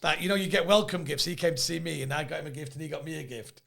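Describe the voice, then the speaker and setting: A man in his fifties hosting a podcast, chatty and quick to laugh as he tells stories. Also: on the high side, creaky, pushed and bright. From England. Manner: chatty storyteller, laughs often. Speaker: podcast host. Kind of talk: casual chat.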